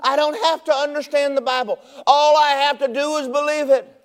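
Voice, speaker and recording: Speaking at normal speed with a very high voice, a pastor tells stories in his sermon, and his animated delivery rises to shouting at the peaks.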